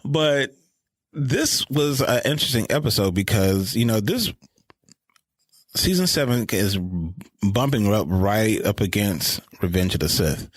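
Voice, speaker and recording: A man with a fairly low voice, chatting casually as a podcast co-host. He recaps scenes in an animated way and laughs often. The sound is dry and close. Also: a little slow, no echo. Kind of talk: casual chat.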